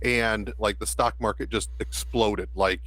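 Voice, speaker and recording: A man's voice: lowish voice, steady tone, a little slow, a bit bright, dry recording, poor audio. A man co-hosting a podcast in casual chat, thinking aloud and rambling through his points. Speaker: podcast co-host.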